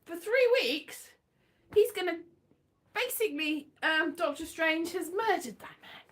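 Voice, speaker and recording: A woman's voice: extremely high pitch, expressive, measured pace, a bit bright. A woman hosting a casual livestream, chatting in a playful, rambling way with sing-song bursts. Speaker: livestream host.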